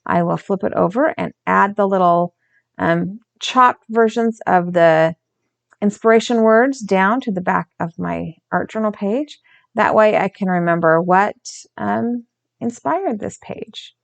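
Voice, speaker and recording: A woman's voice: medium pitch, a little slow, creaky, lo-fi sound. A woman hosting a craft channel, narrating her art journal process in a casual, chatty way, often correcting herself and stumbling over words.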